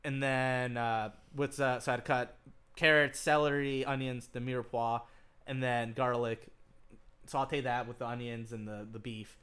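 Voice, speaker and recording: A man's voice: mid-range voice, fairly even intonation, unhurried, a bit bright, smooth. A young man co-hosting a casual chat podcast, rambling through a cooking story, swearing freely and often laughing as he gets worked up. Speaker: podcast co-host.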